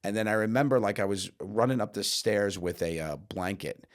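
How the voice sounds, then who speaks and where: A man co-hosting a podcast, telling casual stories in an animated way with lots of laughter. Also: lowish voice, normal speed. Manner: animated, laughing, acts out quotes in his stories. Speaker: podcast co-host. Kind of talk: casual storytelling chat.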